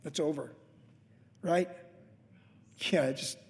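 A man's voice: on the high side, slow pace, gravelly, a little mellow, big-room sound. A man in his late fifties, a pastor telling a rambling, conversational story in a casual sermon, full of restarts and asides. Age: late 50s.

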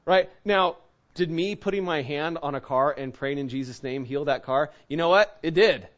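A pastor preaching a sermon, his voice slightly high and his pace normal, in a lo-fi recording. He tells a personal story in a chatty, conversational storytelling style and acts out the quotes.

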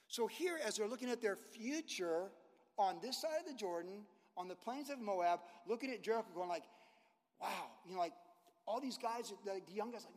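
A man preaching a sermon as a pastor, animated, acting out biblical figures and using casual sports talk. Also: high voice, a little fast, in a large hall.

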